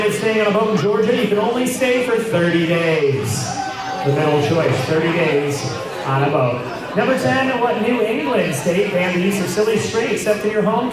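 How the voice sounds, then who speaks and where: High-voiced man hosting a noisy live trivia night. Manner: joking, wry asides. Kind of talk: reading quiz answers aloud to a live crowd. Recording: very echoey room, mic far off, loud crowd.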